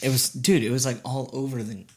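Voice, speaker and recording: A man hosting a podcast in casual comedic chat, crude and joking and quick to laugh. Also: mid-range voice, fairly even intonation. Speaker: podcast host.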